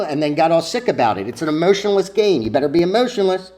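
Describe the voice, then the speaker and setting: A man's voice: on the high side, expressive, fast, hardly any pauses, a little mellow. A man lecturing his viewers about trading in a blunt, profane, preachy way, full of rhetorical questions. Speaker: stock trading vlogger.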